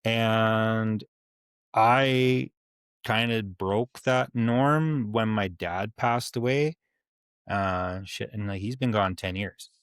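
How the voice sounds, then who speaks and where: A man in his forties chats on a podcast with a low voice. He talks candidly and rambles, swearing freely. The sound is dry and close. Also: slow, clear, resonant tone, no echo. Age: 40s. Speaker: podcast co-host. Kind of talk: casual chat.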